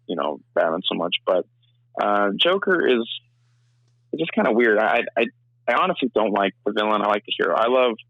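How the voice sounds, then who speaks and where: Guy rambling quick in an interview, low gravelly voice, muffled dry sound. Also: animated, no room sound. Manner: fast, rambling, full of restarts and "like". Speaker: filmmaker and actor, interview guest. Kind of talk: casual interview chat.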